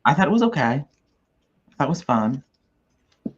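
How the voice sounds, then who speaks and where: A man's voice: mid-range voice, big pitch swings, normal speed, slightly rough, lo-fi sound. A man co-hosting a podcast in casual chat, mostly adding short, dry remarks. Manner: brief, dry interjections. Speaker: podcast co-host.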